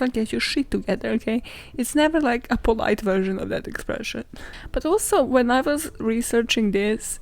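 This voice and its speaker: A woman hosts a solo podcast in a chatty, sarcastic way, with plenty of swearing. Her voice sits a little high, with a gravelly, fry-laced edge. She dramatizes her stories and often breaks into laughter. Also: a little mellow. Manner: dramatizes stories and acts out quotes. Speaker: podcast host. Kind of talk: casual solo podcast storytelling.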